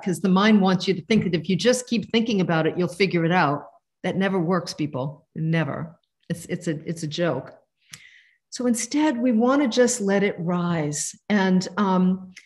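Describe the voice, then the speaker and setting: A woman in her fifties teaching a meditation lesson over a video call, gentle and conversational. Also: mid-range voice. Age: 50s. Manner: warm, gentle, conversational with soft asides. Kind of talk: live online teaching.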